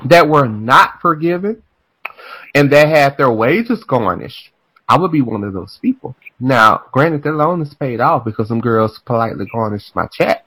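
A man hosting a casual, comedic chat, animated and swinging between loud exclamations and muttered asides. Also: mid-range voice, normal speed, breathy edge, no echo, low-quality recording.

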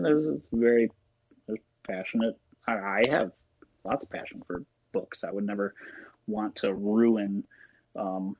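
A man's voice: lowish voice, darkish tone, breathy edge, lo-fi sound. A man talking as a guest in a casual interview, rambling and laughing often. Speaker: guest, shop owner.

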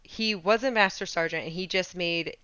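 A woman, an Air Force veteran, telling a story in a casual, animated chat full of slang and laughter. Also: lowish voice, normal speed, clean tone, dry recording, lo-fi sound.

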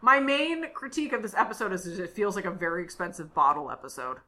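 Bright-voiced chatty podcast host woman. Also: medium pitch, lively intonation, fast. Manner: chatty, filler-heavy storytelling. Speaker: podcast co-host recapping an episode. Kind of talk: casual chat.

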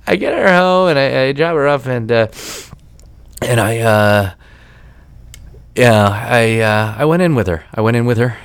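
Brief: male podcast host, lively swinging pitch, dry close sound, profane storyteller. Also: moderate pace, clean tone, no room sound. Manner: rambling, profane, animated with many restarts. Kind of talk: storytelling monologue.

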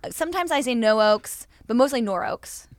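A woman guest on a podcast, chatting casually with wry, deadpan jokes and frequent laughter. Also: fairly high pitch, normal speed, no echo.

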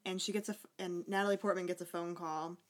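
A woman with a slightly low voice talks through a movie plot in easygoing podcast chat. She is chatty and sarcastic and drops casual swears as she goes. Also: flat delivery, fast talker. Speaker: podcast co-host.

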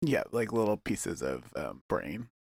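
A man's voice: big pitch swings, unhurried, gravelly, breathy edge, dry recording. Mumbling man in dry comedy banter. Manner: rambling, mumbly, trailing off into low murmurs. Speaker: comedy podcast co-host.

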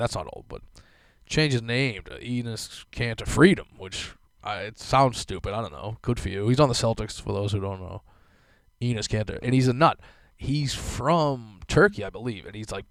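A young man hosts a podcast, delivering a casual rant packed with fillers and swearing. His voice is fairly low, and the recording is dry. He rambles, curses freely, and leans heavily on filler words.

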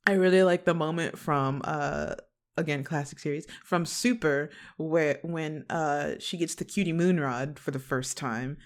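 Low-voiced chatty woman. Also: measured pace. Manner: chatty, hesitant, giggly, many fillers and restarts. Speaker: podcast guest. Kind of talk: casual chat.

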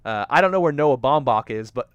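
Man, casual film-chat co-host, smooth tone, dry close mic, playful and chatty. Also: medium pitch, expressive, fairly quick, dry recording, lo-fi sound. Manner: chatty, laughs often, teasing. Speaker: podcast co-host.

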